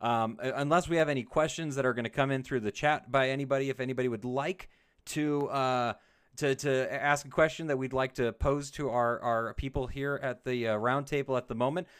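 A man's voice: medium pitch, steady tone, a little fast, smooth. A man hosting a casual roundtable podcast, upbeat and joking as he moderates the panel. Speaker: podcast host.

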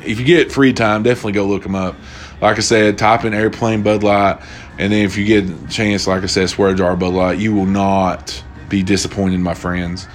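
A man's voice: on the low side, little pitch movement, moderate pace, faint music behind. A young man hosting a casual solo podcast, rambling and swearing freely as he retells stories. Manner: profane, rambling, loose storytelling. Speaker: podcast host.

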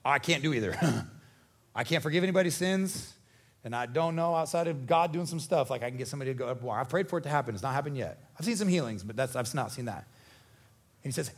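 A man preaching a sermon as pastor, animated and conversational, joking and acting out voices. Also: medium pitch, quick pace, slightly rough. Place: church.

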